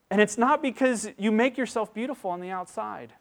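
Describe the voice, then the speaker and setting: Male pastor, 30s, preaching from the pulpit; slightly high voice, wide swings between near-whispered intensity and loud emphasis. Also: fairly quick, creaky, few pauses. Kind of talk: sermon.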